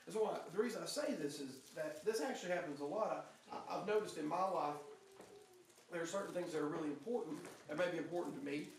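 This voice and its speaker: Young guy preaching, kinda high voice, chatty storytelling, lots of restarts, big echoey church, mic far off. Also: fast talker, gravelly, a little hiss or hum. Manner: earnest storytelling, conversational, with frequent restarts. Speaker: pastor. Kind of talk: sermon with personal story. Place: church sanctuary.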